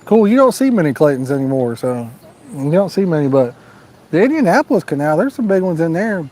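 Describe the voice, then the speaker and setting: A man's voice: fairly high pitch, very animated, a little fast, dark tone. A man hosting a live fishing stream outdoors at night, reading out viewer comments in a folksy, joking, laid-back way. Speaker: fishing channel host.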